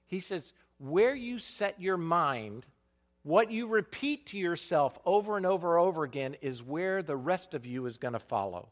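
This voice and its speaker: A man preaching a sermon as pastor, animated, dropping to a quiet voice for emphasis and muttering to act out complaining people. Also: a little high, moderate pace.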